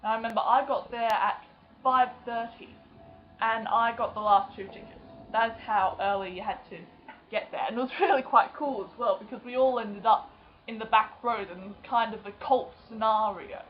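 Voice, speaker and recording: A young woman vlogging in casual chat, self-mocking and quick to act out other people's voices. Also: on the high side. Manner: chatty and self-mocking, acting out friends' voices. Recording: dull lo-fi webcam sound.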